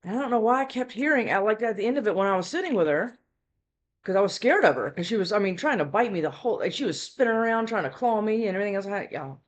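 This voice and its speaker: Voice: mid-range voice, animated, fast talker. Chatty tarot reader who keeps asking "right?". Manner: chatty, heavy on fillers and tag questions. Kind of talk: casual rambling storytelling chat.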